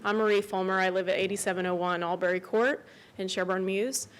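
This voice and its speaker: A woman's voice: medium pitch, steady tone, brisk, slight background noise, low-quality recording. Resident woman, forties, earnest and emotional, pleading at a county meeting. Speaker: resident speaking at public comment. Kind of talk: public comment at county meeting.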